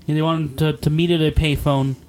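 A man's voice: on the high side, little pitch movement, quick pace, a little mellow. A man co-hosting a podcast, casually retelling a movie plot with loose, profane asides. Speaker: podcast co-host. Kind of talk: casual chat recapping a movie.

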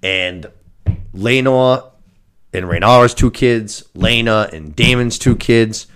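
A man co-hosting a podcast, recapping a TV episode in a casual, animated and profane way. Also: medium pitch, slow pace, clear, resonant tone. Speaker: podcast co-host.

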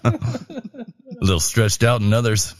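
A man's voice: mid-range voice, wildly swooping pitch, takes it slowly, a crowd in the background. A man hosting a podcast, introducing clips in casual chat, laid-back and joking, with plenty of fillers. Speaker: podcast host.

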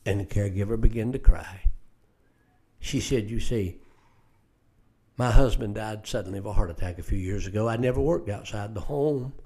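A man's voice: fairly low pitch, moderate pace, dark tone. An older man teaching from scripture in an earnest preaching manner, often repeating words as he starts a phrase. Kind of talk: radio Bible teaching.

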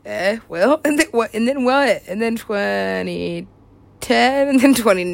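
A woman's voice: a little high, slow pace, vocal fry. A young woman rambling through a wild story, giggling often, swearing freely and trailing off mid-thought. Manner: giggly, excitable, profane, trails off.

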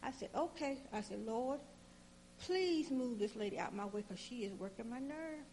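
A woman telling a personal story in casual conversation, animated and acting out both sides of the exchanges, with informal speech. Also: on the high side, normal speed, a little hiss or hum.

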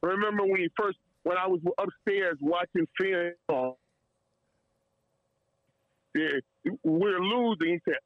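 A man's voice: sits high, slow pace, pauses often, no echo, narrow, tinny audio. A man telling a story in casual chat, emotional and tearing up, stumbling over repeated words and laughing often. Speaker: guest storyteller.

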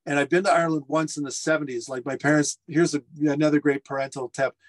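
A middle-aged man, a restaurateur guest, telling lively anecdotes on a video call from his home furnace room and acting out the quotes. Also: fairly high pitch, quick pace. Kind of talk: casual storytelling interview.

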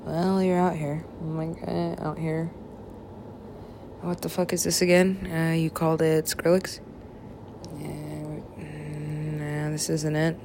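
A woman's voice: deep voice, flat delivery, takes it slowly, noisy background. A woman rambling in a drifting, profane monologue that often drops to a whisper.

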